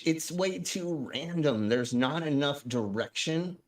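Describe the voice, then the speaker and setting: A man's voice: a little high, expressive, slow pace. A man hosting a live stream, chatting casually in a rambling, profane way with many restarts and fillers. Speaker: stream host. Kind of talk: casual chat.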